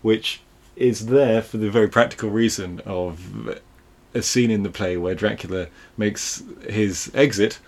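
Rambling low-voiced man chatting films. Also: unhurried, darkish tone. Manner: rambling, restarts sentences, laughs easily. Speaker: podcast co-host. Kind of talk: casual film discussion.

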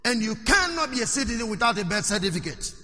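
A man's voice: high voice, big pitch swings, quick pace, bright, forceful tone, big-room sound, faint music behind. A man preaching a sermon, questioning his congregation and waiting for their replies.

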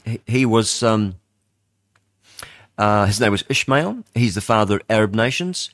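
A man's voice: on the low side, lively intonation, unhurried, a bit bright, dry recording, studio quality. An older man hosting a talk-radio show, rambling and chatty with lots of fillers and restarts. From New Zealand. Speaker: radio host. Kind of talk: casual talk-radio monologue.

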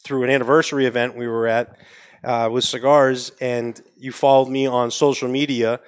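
Male podcast guest, mid-pitched, New England accent, relaxed and rambling. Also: moderate pace, clear, resonant tone. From Maine. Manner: rambling, restarts a lot, easygoing. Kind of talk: casual podcast chat. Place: podcast studio.

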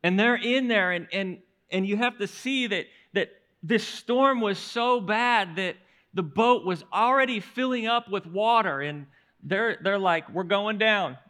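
Bright-voiced male pastor preaching. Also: high-pitched, unhurried. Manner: animated storytelling, frequent stammered restarts. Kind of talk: sermon.

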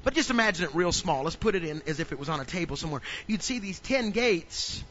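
A man preaching a sermon in a church, swinging from loud to hushed. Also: fairly high pitch, expressive, quick pace. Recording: dull lo-fi recording.

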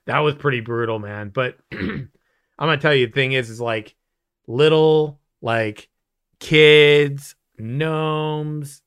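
A man's voice: mid-range voice, fairly bright tone, smooth, no room sound, clean studio sound. A man talking in a casual chat as a podcast host, rambling and swearing with lots of "like". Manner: rambling, profane, full of "like".

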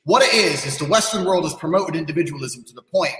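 A man's voice: fairly high pitch, expressive, fast, pushed and bright. A man ranting bluntly on a podcast, brash and profane, bragging about himself. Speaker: guest, kickboxing champion. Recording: echoey room with long reverb.

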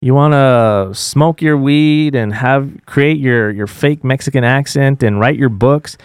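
A man's voice: mid-range voice, unhurried, clean tone, no echo, studio quality. A man co-hosting a podcast, venting his grievances in heated, profane casual chat. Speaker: podcast co-host.

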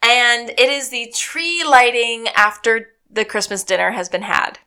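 A woman's voice: fairly high pitch, a little slow, smooth. A woman co-hosting a podcast, casually recapping a TV episode and laughing as she acts out lines. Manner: animated, acts out quotes with laughter. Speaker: podcast co-host.

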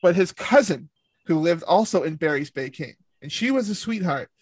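In a dry recording, this man's fairly high, husky, expressive voice moves at a moderate pace. Once a camp counselor, he rambles through his stories in relaxed conversation, packed with "like" and profanity.

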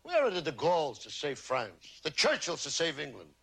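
Man, stand-up comedian, punchy punchlines, lively high voice, old noisy broadcast. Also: normal speed, husky. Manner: punchy joke delivery with rising punchlines. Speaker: comedian doing stand-up monologue. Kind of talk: archival stand-up monologue. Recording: noisy archival TV broadcast with audience. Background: crowd laughter.

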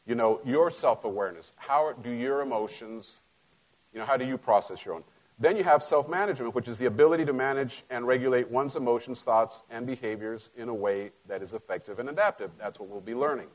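Middle-aged Latino pastor, conversational sermon with jokes, sudden loud emphasis after quiet asides. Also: male voice, mid-range voice, fairly quick, rough recording. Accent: Latino American English.

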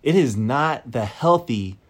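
A man preaching a sermon, speaking slowly and deliberately and repeating key phrases for emphasis. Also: mid-range voice, animated.

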